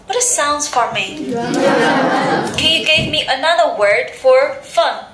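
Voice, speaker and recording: High-voiced woman teaching English. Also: very noisy. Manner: brisk, prompting, drills pronunciation. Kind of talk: classroom teaching, asking questions. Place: school classroom full of students. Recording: echoey classroom with pupils' chatter.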